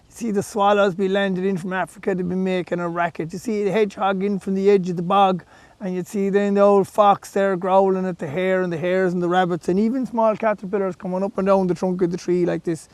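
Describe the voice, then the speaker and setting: An Irish man telling a folk tale with lilting, animated delivery and hushed asides. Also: high voice, a little fast, dry recording. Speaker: storyteller. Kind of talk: folk storytelling.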